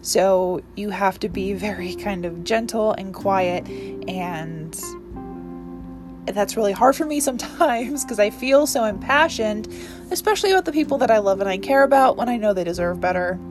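A woman's voice: mid-range voice, lively intonation, moderate pace, music in the background. A woman in her twenties hosting her own podcast, talking earnestly and emotionally in a rambling monologue full of restarts. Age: 20s. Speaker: podcast host. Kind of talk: casual solo podcast monologue.

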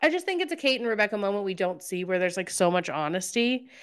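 Woman, podcast co-host, casual chat, animated retelling, lots of "like", mid-range voice. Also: mid-range voice, quick pace, clean tone. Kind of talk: casual chat recapping a TV episode.

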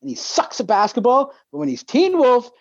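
A man's voice: extremely high pitch, animated, normal speed, vocal fry. Swearing, rambling man on a podcast. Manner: profane, rambling storyteller. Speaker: podcast co-host. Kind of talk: casual chat. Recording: dull lo-fi dry sound.

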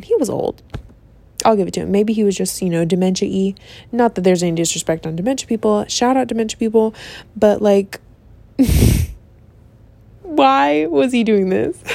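A young woman telling a rant-style story as a vlogger, profane and animated, with laughing asides and exasperated outbursts. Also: mid-range voice, dry recording. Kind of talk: ranting storytime.

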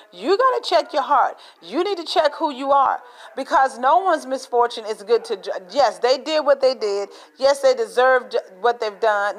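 A woman's voice: a little high, rough recording. A woman preaching a sermon in an emphatic, repetitive way, acting out little scenes as she speaks.

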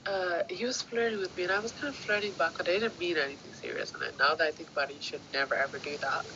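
A woman's voice: lowish voice, quick pace. A woman chatting casually, telling blunt stories in an indignant tone. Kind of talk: casual chat. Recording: muffled recording with clear background noise.

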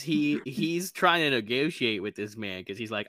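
A man's voice: fairly low pitch, lively intonation, normal speed, hardly any pauses, pushed and bright, no room sound, studio quality. A man co-hosting a casual TV recap, retelling scenes animatedly with swearing and laughter. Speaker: podcast co-host.

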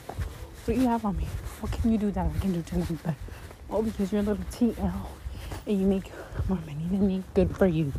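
A woman vents in a casual vlog rant, blunt and heated, and she swears without holding back. Her pitch sits in an ordinary middle range. A loud background noise runs under the whole recording. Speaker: content creator.

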